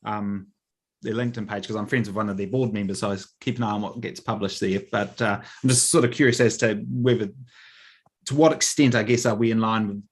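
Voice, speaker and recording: A man's voice: fairly low pitch, steady tone, brisk. A man with a New Zealand accent, a councillor asking probing questions in a meeting and correcting himself as he goes.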